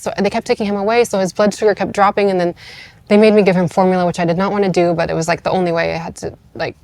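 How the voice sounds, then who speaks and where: Speaking fast in a mid-range, slightly mellow voice with fairly even intonation, this woman in her thirties recounts a personal story as a podcast guest. The recording is dry. She's chatty, full of "like" fillers, mimics others' voices, and occasionally sounds close to tears.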